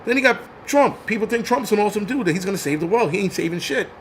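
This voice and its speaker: A high-pitched man rants on his live stream, cursing freely and tripping over repeated words as he presses his points. A faint hum of noise sits under his voice. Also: expressive, fast. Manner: profane, heated ranting with stammered restarts. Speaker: channel host.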